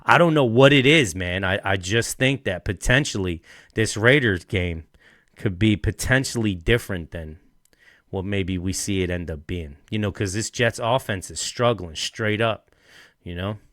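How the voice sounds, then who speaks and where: A man with a lowish voice, recorded dry and close, makes his football pick with emphatic, repeated phrases. He is a casual podcast co-host. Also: normal speed, a bit bright, no room sound. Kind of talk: casual sports picks chat.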